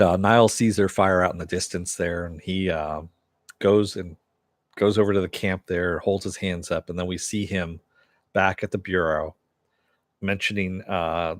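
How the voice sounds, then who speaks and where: A man's voice: sits low, no room sound, studio quality. A man hosting a casual live-stream review, recapping an episode in a rambling way. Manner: rambling, many "uh" and "he goes". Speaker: show host reviewing a TV episode.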